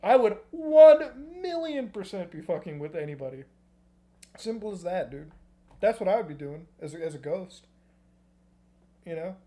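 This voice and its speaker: A man's voice: high voice, sing-song, moderate pace, long pauses, dark tone. Rambling, profane streamer man. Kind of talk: casual reaction-stream rant.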